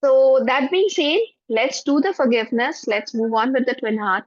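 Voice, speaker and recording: A woman with an Indian English accent, a spiritual teacher leading an online class and a guided forgiveness meditation in a gentle, soothing voice. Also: sits high, no room sound. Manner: gentle, soothing, repeats phrases slowly. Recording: dull, dry lo-fi audio.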